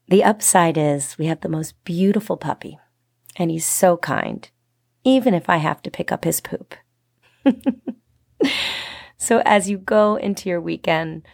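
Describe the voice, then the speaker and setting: A woman's voice: lowish voice, gravelly, a little mellow, dry recording, clean studio sound. A woman hosting her own lifestyle podcast solo, cheerful and encouraging, laughing often as she talks. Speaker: podcast host, lifestyle coach. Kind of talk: upbeat solo podcast monologue.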